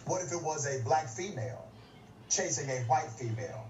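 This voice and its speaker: A man's voice: on the high side, sing-song, moderate pace, a little mellow, a little hiss or hum. Man, commentator, emphatic, pointed questions, distant from mic, dull recording. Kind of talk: scripted commentary. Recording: roomy, distant, dull clip.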